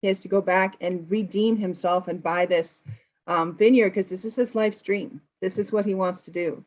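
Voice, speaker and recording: Lively American woman, slightly dull sound. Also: medium pitch, normal speed. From United States. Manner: lively storyteller, explains for learners. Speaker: English teacher, host. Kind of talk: casual chat retelling a film plot.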